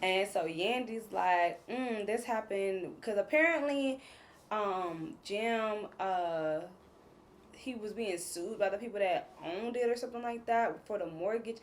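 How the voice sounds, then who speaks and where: A woman's voice: medium pitch, measured pace, slight background noise. A woman hosting a casual recap of a reality show, retelling scenes in a chatty, gossipy way with plenty of fillers. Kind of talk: casual episode recap commentary.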